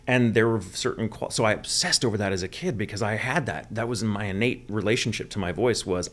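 A man's voice: on the low side, quick pace, few pauses, a bit bright. A man in his forties from Texas, a voice actor telling his story in a podcast interview, candid, profane and self-deprecating. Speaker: voice actor guest.

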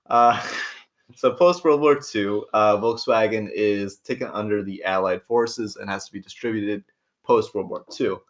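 A man's voice: on the low side, a little slow. A man co-hosting a casual podcast, laid-back, asking questions and tossing in slang. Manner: laid-back, asks questions, uses slang like bro and dude. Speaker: podcast co-host. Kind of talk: casual chat.

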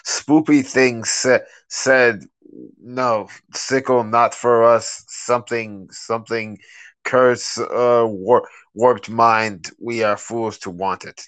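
A man's voice: medium pitch, fairly even intonation, slow pace, fairly bright tone, clear, resonant tone, dry recording. A man voicing a blunt male lizard creature that talks in choppy, broken phrases.

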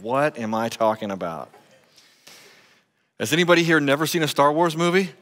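A man's voice: medium pitch, expressive, fairly quick, a bit bright. A man preaching a sermon as pastor, conversational and joking, with frequent "uh" fillers, in a church sanctuary. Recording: echoey church hall.

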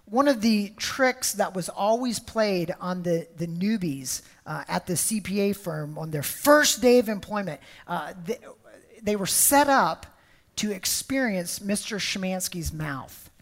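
A woman's voice: medium pitch, expressive, unhurried. A woman preaching a sermon, emphatic and storytelling, often repeating words.

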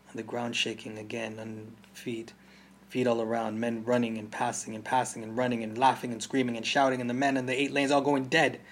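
A man's voice: mid-range voice, a little hiss or hum. A man with a Jamaican accent narrating a story in first person, intense and vivid, voicing the sounds of gunfire. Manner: intense, mimics gunshot sounds. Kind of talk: audiobook narration.

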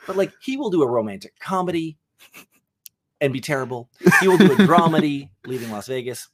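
A man's voice: on the high side, lively intonation, fairly quick, noisy background. A young man hosting a casual movie chat, enthusiastic and joking, rambling with fillers. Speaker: podcast host.

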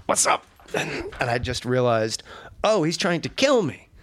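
A middle-aged man, a guest comedian, telling an animated, profane anecdote in casual chat and acting out the people in it. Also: mid-range voice. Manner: rapid, profane, animated storyteller who acts out the other people in his stories.

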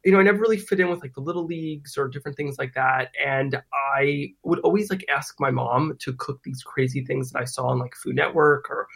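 Young American man, late teens, gravelly husky voice, chatty podcast guest. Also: mid-range voice, a little fast, hardly any pauses, fairly bright tone. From New Jersey, US. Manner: chatty, lots of "like" and "um". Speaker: guest cook. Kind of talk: casual podcast chat.

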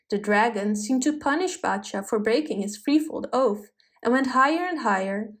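A woman narrating a folk tale in an expressive, dramatic storybook style. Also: a little high.

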